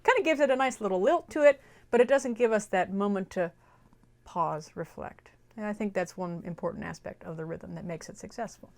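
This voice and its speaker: A young woman teaches a music lesson, explaining a melody and then singing short phrases to illustrate it. Her medium-pitched voice is creaky and darkish in tone, and she talks a little fast.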